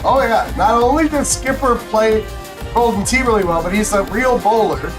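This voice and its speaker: Chatty high-voiced male game streamer. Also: normal speed, over music, rough recording. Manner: rambling, chatty, talks to viewers while playing. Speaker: livestream host. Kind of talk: casual gameplay commentary.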